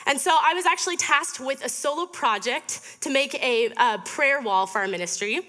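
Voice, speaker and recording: A woman's voice: sits high, moderate pace, pushed and bright. A young woman in her twenties giving a chatty, upbeat storytelling sermon to a student fellowship, with lots of fillers. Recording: reverberant hall.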